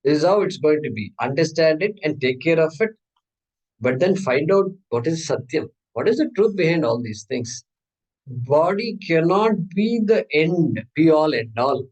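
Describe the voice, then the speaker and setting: Male teacher, fairly high voice, relaxed lecturing tone, quizzes the class. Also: normal speed, low-quality recording. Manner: conversational teaching, asks the class questions. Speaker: Vedanta teacher.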